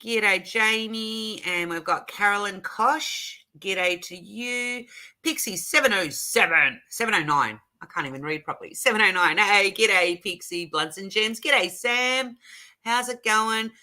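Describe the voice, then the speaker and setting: A woman's voice: mid-range voice, a little slow, sharp tone. An Australian woman hosting a casual craft livestream from her home craft room, chatting and greeting viewers one by one. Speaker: livestream host.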